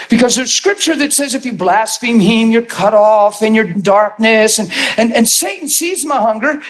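A man preaching a sermon and telling his testimony in an animated storytelling manner, bursting into shouts at times. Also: extremely high pitch.

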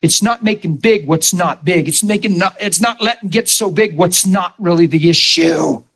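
A man preaching a sermon, telling his own story, dropping to a hush and then raising his voice to drive a point home. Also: high voice, moderate pace, creaky, husky. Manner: testimony swinging from hushed to raised voice.

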